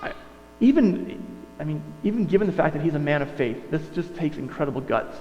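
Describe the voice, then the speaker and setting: A man's voice: on the high side, animated, a little fast, darkish tone. A male pastor preaching a sermon in a conversational way, often correcting himself and going off on asides. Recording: dull sound, long reverb, mains hum.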